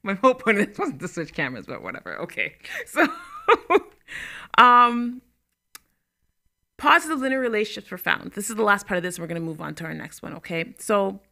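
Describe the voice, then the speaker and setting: A woman's voice: medium pitch, pushed and bright. A young adult woman hosting a talk show, chatting casually to camera with laughing asides and stressed words.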